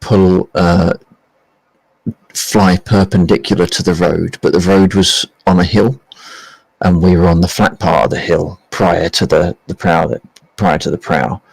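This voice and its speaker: A man on a casual stream chat, explaining something carefully and haltingly. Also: deep voice, steady tone, creaky, no room sound, low-quality recording. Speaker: stream guest.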